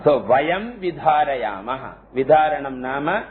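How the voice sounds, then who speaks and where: A man giving a scriptural lecture, explaining slowly and chanting Sanskrit terms. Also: medium pitch, lively intonation. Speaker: teacher of scripture. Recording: tinny phone-like lo-fi audio, faint hiss.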